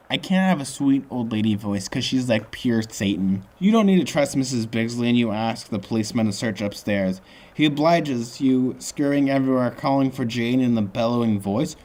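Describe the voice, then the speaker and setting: A man's voice: medium pitch, moderate pace. A man reading a choose-your-own-adventure book aloud as host, breaking off for joking asides. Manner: jokey asides, lively reading.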